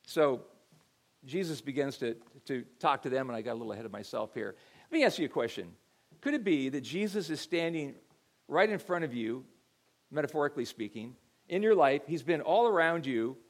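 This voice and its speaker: A middle-aged man preaches from the pulpit in a relaxed, conversational way, stumbling over repeated words as he tells a story. His voice sits a touch higher than most men's. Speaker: pastor. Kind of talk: sermon.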